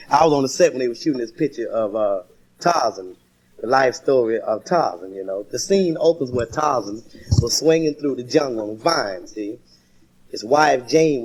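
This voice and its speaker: A man's voice: mid-range voice, a little mellow. A man doing a folksy stand-up comedy routine, telling stories and laughing at his own jokes. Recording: noisy vintage live recording.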